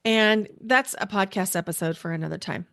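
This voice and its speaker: A woman hosting a solo podcast, speaking earnestly and deliberately with pauses, in a spiritual, emotional tone. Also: medium pitch, a bit bright, clear, resonant tone. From United States. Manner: spiritual, guiding a grounding exercise. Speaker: podcast host.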